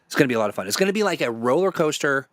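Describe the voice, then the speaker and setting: Man, host, casual chat, rambling, jokey, middle pitch. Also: big pitch swings, rapid-fire, dry recording, studio quality. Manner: joking, rambling, laughs often.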